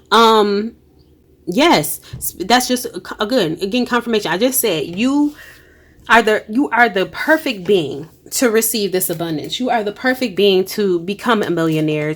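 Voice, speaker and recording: With a fairly bright, medium-pitched voice, a woman does a casual tarot-style energy reading. She's emotional, emphatic, and encouraging, speaking colloquially and exclaiming often.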